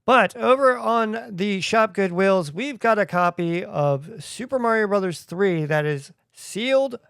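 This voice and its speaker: A man hosting a podcast in a chatty, joking way. His voice sits a little high and comes across smooth and clear. The sound is dry and close, with no room echo. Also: unhurried, fairly bright tone. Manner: chatty, jokey asides. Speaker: podcast host. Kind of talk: casual podcast talk.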